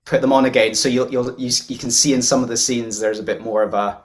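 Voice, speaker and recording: A man's voice: medium pitch, steady tone, fast talker, a little hiss or hum. A British man, an actor, chatting on a commentary track, laughing often and restarting his sentences. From Britain. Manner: chatty, laughing, self-interrupting. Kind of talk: casual commentary chat.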